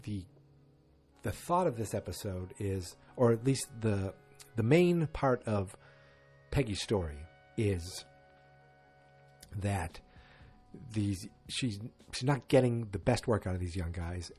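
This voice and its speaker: A man's voice: lowish voice, darkish tone, slightly rough. A man giving a casual, rambling recap of an episode, with wry asides.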